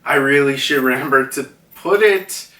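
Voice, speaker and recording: Speaking at normal speed in a medium-pitched, bright and forceful voice, a young man recaps a manga chapter in a rambling, filler-packed way, acting out the dialogue. He's recorded at home, sounding roomy and distant.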